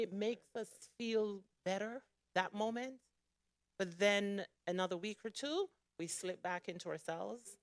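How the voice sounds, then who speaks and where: Woman exhorting with lively pitch. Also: a little slow, dry recording, studio quality. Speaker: church member. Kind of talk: exhortation in church.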